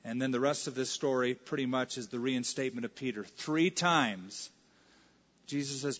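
A man's voice: mid-range voice, moderate pace, fairly bright tone. A male pastor preaching a sermon in a conversational way, now and then acting out the lines of scripture. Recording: reverberant hall, dull lo-fi sound.

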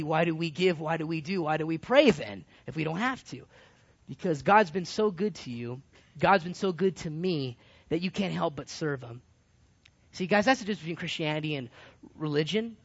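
A man preaching a sermon to a group, his delivery animated and swinging between loud and hushed. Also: high voice. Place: California. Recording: dull lo-fi recording.

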